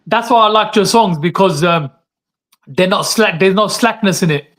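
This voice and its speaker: A man's voice: high voice, moderate pace, fairly bright tone. A man hosting an interview, asking questions and giving brief affirming replies. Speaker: interview host.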